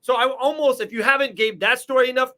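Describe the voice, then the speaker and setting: A man's voice: extremely high pitch, fairly even intonation, fast talker, sharp tone. A man from Florida hosting a podcast, asking long rambling, enthusiastic questions. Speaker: podcast host. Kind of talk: casual interview.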